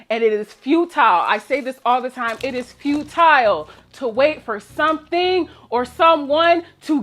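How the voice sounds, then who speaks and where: A woman coaching her viewers in a casual motivational monologue, profane and emphatic, swinging between loud exclamations and low mutters. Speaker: self-help coach.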